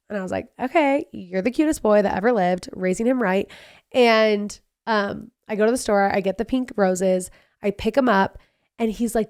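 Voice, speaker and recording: A woman in her thirties hosting a casual solo podcast, telling personal stories in a chatty, animated way with quick asides. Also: on the high side. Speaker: podcast host.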